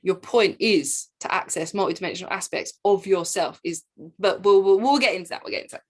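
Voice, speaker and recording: A woman, a spiritual teacher, telling her own story in an excited, rambling monologue full of repeats and asides. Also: medium pitch, brisk. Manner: excitable, repeats herself, jumps between asides.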